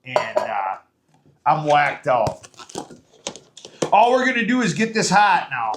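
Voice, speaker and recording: Chatty high-voiced man in an echoey kitchen. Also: big pitch swings, takes it slowly, a bit bright, a little hiss or hum. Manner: chatty, folksy, lots of fillers. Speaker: home cooking show host. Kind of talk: casual step-by-step cooking demo. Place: home kitchen.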